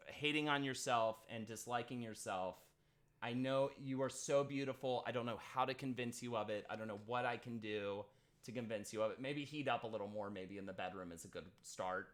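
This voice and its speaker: A man's voice: mid-range voice, fairly quick, a bit bright. A young man hosting a casual livestream, joking around and then speaking earnestly and heartfelt to his wife. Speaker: streamer host.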